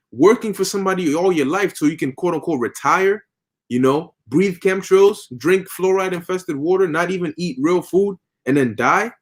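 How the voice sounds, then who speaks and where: Man, high voice, preachy casual talk, keeps saying "man". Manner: emphatic, preachy, punctuates with "man". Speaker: religious discussion participant. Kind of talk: casual religious chat.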